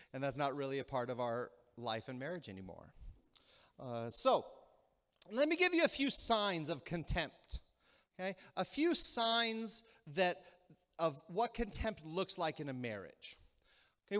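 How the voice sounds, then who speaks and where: A man delivering a sermon in a church sanctuary, his voice pitched high and swinging widely as he acts out small quarrels. He keeps checking in with the congregation as he goes. A long reverb from the hall trails behind him. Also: clear, resonant tone. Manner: animated, acts out quick mock quarrels, asks the crowd "okay?". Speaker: pastor.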